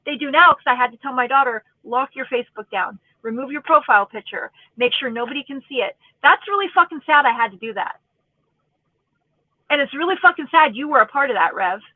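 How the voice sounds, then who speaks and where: A woman's voice: sits high, dry recording. A woman in her forties ranting angrily in casual, profane, sarcastic commentary as a YouTube commentator. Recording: tinny phone-like audio, dry.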